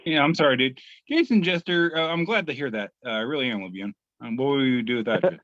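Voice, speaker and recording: A podcast co-host reads memes aloud in a casual show, his medium-pitched, expressive voice fairly bright. He speaks haltingly, with lots of fillers and restarts. The audio is dry and slightly muffled.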